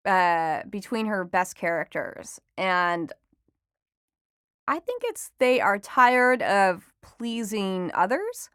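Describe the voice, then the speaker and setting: A young adult woman, a reporter guest on a podcast interview, talking in a chatty, enthusiastic way with quick asides. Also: mid-range voice, lively intonation, a bit bright, clean tone, no room sound, studio quality. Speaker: entertainment reporter and author guest.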